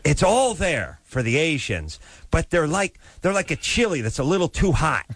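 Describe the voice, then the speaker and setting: A man hosting a casual talk show, loud and joking, riffing with his co-hosts. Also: fairly high pitch, sing-song, normal speed, no echo. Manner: loud, joking, does exaggerated impressions. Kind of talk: casual banter.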